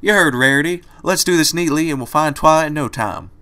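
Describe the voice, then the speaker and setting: A man's voice: fairly high pitch, a little fast, sharp tone, pitched above the performer's own voice. Applejack, a man doing a bossy country pony mare. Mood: commanding. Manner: firm, commanding, folksy phrasing.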